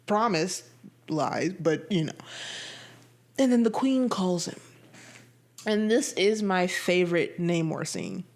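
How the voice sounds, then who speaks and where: A woman vlogger giving a casual, animated movie review, emphatic and swinging between excited high bursts and low, flat drops. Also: slow, long pauses.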